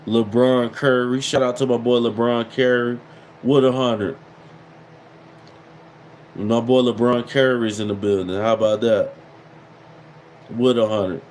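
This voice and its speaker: Man, thirties, livestream host, unhurried delivery, mid-pitched, mocking catchphrases. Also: level tone, a little mellow, slight background noise, low-quality recording. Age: 30s. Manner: taunting, mocks commenters with repeated catchphrases. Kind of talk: casual livestream chat.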